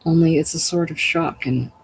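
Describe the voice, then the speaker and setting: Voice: mid-range voice, fairly even intonation, normal speed, natural voice, poor audio. A reader voicing a worried, soothing husband. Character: husband, worried and trying to soothe his wife.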